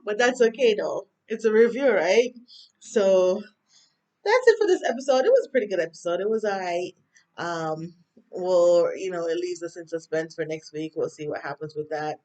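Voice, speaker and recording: A woman's voice: fairly low pitch, expressive, moderate pace, a little mellow. A woman with a Jamaican accent chatting through a TV episode recap, rambling with lots of fillers. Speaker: TV recap vlogger.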